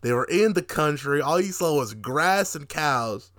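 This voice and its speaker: A young man co-hosting a podcast, reviewing a movie in casual chat, animated and profane, laughing often and acting out quotes. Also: a little high, a little slow. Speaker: podcast co-host.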